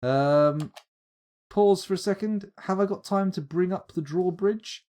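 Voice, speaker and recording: A man's voice: sits high, a little slow, a little mellow. Wry man narrating gameplay. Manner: chatty, wry, thinking aloud. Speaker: streamer playing a game. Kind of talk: live gameplay commentary.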